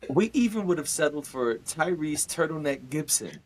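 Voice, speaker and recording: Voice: medium pitch, very animated, moderate pace, a little mellow. A podcast co-host making dry, joking asides in a casual chat.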